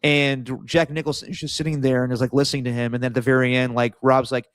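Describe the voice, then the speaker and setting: Male podcast co-host, rambling storyteller, smooth clear voice, dry sound. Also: mid-range voice, flat delivery, fast talker, dry recording. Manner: rambling, anecdotal, lots of fillers. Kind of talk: casual sports podcast chat.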